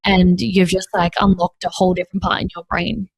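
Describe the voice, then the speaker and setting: A woman's voice: lowish voice, flat delivery, fairly quick, gravelly, husky, dry recording. Chatty woman, dry close sound. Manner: chatty, heavy use of "like". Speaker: podcast co-host. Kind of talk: casual podcast chat.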